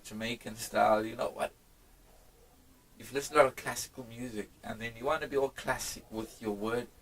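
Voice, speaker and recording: A man from South Africa, a hip-hop artist, talking in a casual interview with a reflective, halting manner full of restarts. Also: mid-range voice, fairly bright tone, a little hiss or hum, rough recording.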